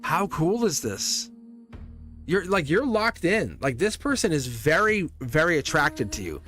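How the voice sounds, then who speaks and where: Guy doing a live tarot stream, kinda high voice, talks a lot and laughs, soft music behind. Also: big pitch swings, unhurried. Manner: chatty, laughs often, repeats himself. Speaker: tarot reader, livestream host.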